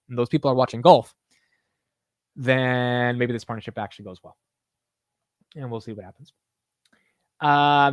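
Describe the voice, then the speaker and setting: A man's voice: mid-range voice, no echo. A man hosting a live market stream, chatting loosely, joking at his own expense and saying "dude" a lot. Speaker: livestream market show host. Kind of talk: casual live-stream chat.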